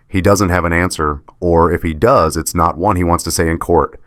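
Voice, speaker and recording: Deep-voiced man narrating a story. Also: steady tone, normal speed, hardly any pauses, a bit bright, no room sound, clean studio sound. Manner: short, clipped sentences. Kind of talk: scripted first-person story narration.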